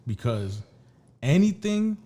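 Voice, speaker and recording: A man's voice: fairly high pitch, sing-song, slow pace, mellow. Rambling, profane man telling stories. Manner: rambling, profane, restarts often. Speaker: podcast co-host. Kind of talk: casual storytelling chat.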